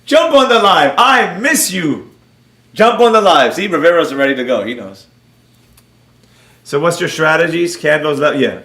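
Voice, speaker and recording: A man's voice: a little high, expressive, normal speed, bright, forceful tone, echoey room. A man hosting a casual trading livestream Q&A, joking and calling out viewers in the chat by name.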